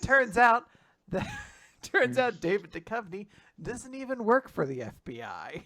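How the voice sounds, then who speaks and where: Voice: mid-range voice, big pitch swings, measured pace, sharp tone. A podcast co-host chatting casually, with joking, sarcastic asides. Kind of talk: casual banter.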